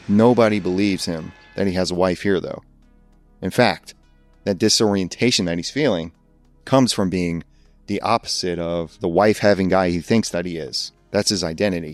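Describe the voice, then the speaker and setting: Low-voiced man riffing on a podcast. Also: no room sound. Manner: rambling, laughs at his own jokes. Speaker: podcast host. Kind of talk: comedic podcast monologue.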